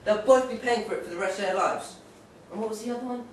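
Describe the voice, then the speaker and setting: A man's voice: high voice, quick pace, a little hiss or hum. A young man performing a rambling stand-up set in a pub, joking and slipping into playful put-on voices. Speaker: stand-up comedian. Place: pub stage. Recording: echoey pub from far off.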